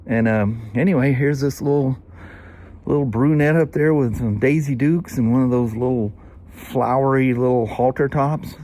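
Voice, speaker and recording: A man's voice: mid-range voice, steady tone, moderate pace, warm tone. A man in his sixties with a Southern US accent, telling a long, rambling story in casual vlog chat, full of "you know" and "anyway". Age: 60s. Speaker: vlogger.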